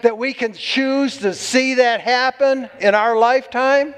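A man's voice: very high-pitched, measured pace, fairly bright tone, clean tone. A man preaching a sermon to a congregation, exuberant and whooping between points. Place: church hall. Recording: long hall reverb.

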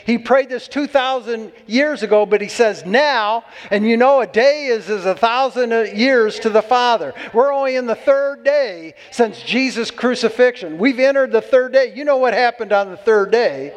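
A man's voice: extremely high pitch, normal speed, few pauses. A man preaching a sermon to a congregation, exuberant and whooping between points. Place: church hall. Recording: long hall reverb.

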